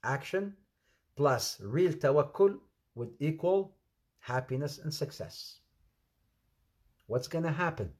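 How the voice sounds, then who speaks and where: Animated man preaching, high-pitched. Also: takes it slowly, long pauses. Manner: repeats questions to the audience, animated rises and drops. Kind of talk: sermon.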